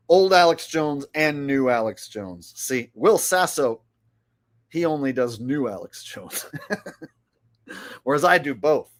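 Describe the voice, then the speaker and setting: A man's voice: mid-range voice, gravelly, fairly bright tone. A middle-aged man giving rambling, mocking commentary on his live stream. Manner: rambling, mocking, with filler words.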